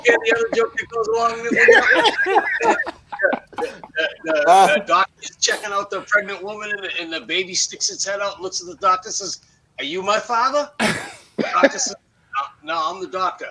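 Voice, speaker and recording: A man on a community radio talk show, telling a joke in an animated, storytelling way. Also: high-pitched, fairly quick, heavy background noise.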